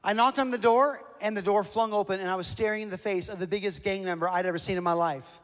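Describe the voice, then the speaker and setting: A pastor with a high-pitched voice delivers a storytelling sermon from the pulpit, talking quickly. He tells a funny personal tale in a lively way, full of self-deprecating jokes, while a long echo hangs in the large church hall.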